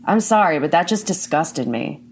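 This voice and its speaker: A woman's voice: lowish voice, lively intonation, moderate pace, a little hiss or hum. A woman hosting a commentary show, ranting bluntly and indignantly, swearing often.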